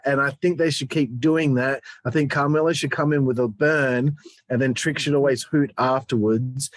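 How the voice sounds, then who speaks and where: A man co-hosting a podcast, chatting casually and teasing his partner in animated banter. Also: mid-range voice, dry recording. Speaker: podcast co-host. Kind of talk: casual wrestling review chat.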